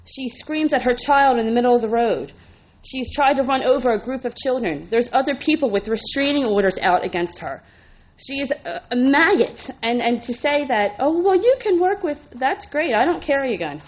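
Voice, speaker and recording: A woman's voice: a little high, expressive, moderate pace, highs cut off. A woman speaking as a resident at a town council meeting, emotional and indignant, talking in run-on bursts at a podium microphone. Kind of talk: public comment at a council meeting.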